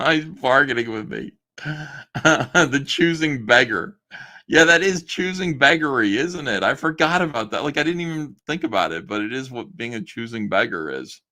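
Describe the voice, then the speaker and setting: A man's voice: medium pitch, animated, fairly quick, sharp tone. A man casually reading old messages aloud on a stream and mocking them with a sarcastic, laughing manner. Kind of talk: casual commentary on a live stream.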